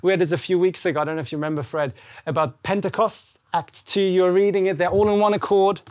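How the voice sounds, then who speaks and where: A man's voice: sits high, fast talker, dry recording. A man preaching as pastor at a church service, speaking conversationally and animatedly, acting out lines of scripture. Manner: animated, acts out scripture dialogue. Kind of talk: conversational sermon.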